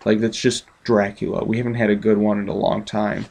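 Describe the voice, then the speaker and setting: Gravelly, casual male movie reviewer. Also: lowish voice, flat delivery, fairly quick, a little mellow, slight background noise. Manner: chatty, offhand, many ums and laughs.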